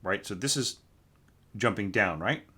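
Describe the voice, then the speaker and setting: A man's voice: fairly low pitch, lively intonation, unhurried, sharp tone, slightly rough. A man giving a casual spoken critique of a student's orchestration, with lots of fillers and tag questions. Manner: informal, hums and scats musical lines to show phrasing. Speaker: orchestration teacher reviewing a student score.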